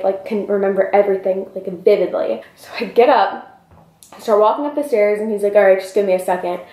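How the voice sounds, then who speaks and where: A young woman vlogger telling a story in an animated, breathless way, peppered with "like", in a roomy space. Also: medium pitch. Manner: animated, breathless retelling full of "like". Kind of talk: storytime vlog.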